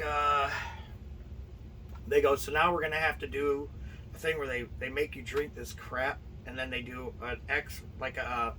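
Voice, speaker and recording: A middle-aged professional wrestler, appearing as an interview guest, tells his story and acts out the dialogue in a sharp-toned, medium-pitched voice. The mic sits at a distance and picks up faint noise.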